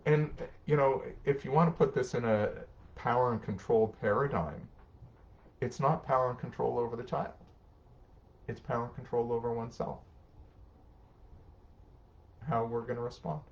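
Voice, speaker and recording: A man's voice: medium pitch, normal speed, pauses often. Man, middle-aged, social worker, parenting advice, conversational, lo-fi audio. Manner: warm, conversational, acts out short parent-child exchanges. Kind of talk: live-streamed advice talk reading comments.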